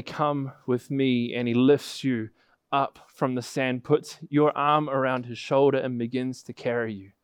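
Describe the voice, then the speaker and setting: A man's voice: medium pitch, clean tone, no room sound, studio quality. A man preaching a sermon, telling a vivid illustrative story that builds in intensity.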